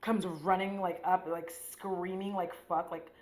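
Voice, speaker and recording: A woman's voice: fairly low pitch, little pitch movement, measured pace, echoey room. A woman beauty vlogger chatting casually and profanely, joking as she recaps a movie while doing her makeup at home. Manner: chatty, profane, jokey, acts out scenes. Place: room at home.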